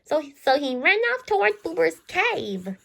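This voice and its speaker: A woman's voice: very high voice, big pitch swings, measured pace, gravelly, fairly bright tone. A woman reading a children's storybook aloud, often stopping to restart and repeat words. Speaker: storybook reader.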